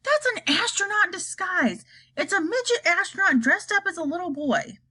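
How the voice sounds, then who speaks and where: A woman's voice: extremely high pitch, lively intonation, moderate pace, sharp tone, pitched above the performer's own voice, heavily acted. A woman voicing an angry, impatient male ground controller. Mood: frantic. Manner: barking, impatient.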